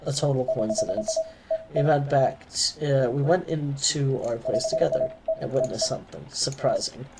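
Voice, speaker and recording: A man reading a young male elf freelancer's game lines in a casual, slightly cocky storytelling way, over loud background noise. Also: medium pitch, moderate pace, close to an everyday voice. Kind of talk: reading game dialogue aloud.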